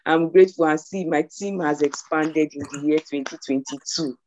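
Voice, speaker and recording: A woman's voice: sits low, steady tone, moderate pace, darkish tone, muffled recording. A woman giving an emotional, thankful testimony to her prayer group. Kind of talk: grateful testimony on a call.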